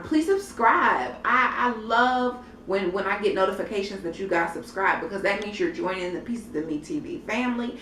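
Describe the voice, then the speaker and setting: A woman's voice: mid-range voice, bright, forceful tone, far from the mic. A young adult woman reviewing a reality show in a casual vlog, blunt and profane, chatting straight to her viewers. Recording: roomy echo, off-mic, faint background noise.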